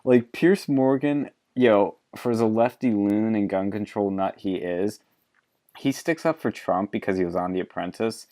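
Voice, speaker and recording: Brief: low-voiced man hosting a podcast, blunt, swears freely. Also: moderate pace, mellow. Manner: blunt, profane, laughs often. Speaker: podcast host. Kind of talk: casual political chat.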